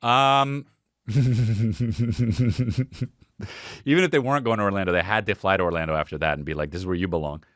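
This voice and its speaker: A man hosting a podcast, riffing casually and comedically on viral clips in a profane, excitable way, with frequent restarts. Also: fairly low pitch, moderate pace, long pauses, clean tone, no echo, studio quality. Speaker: podcast host.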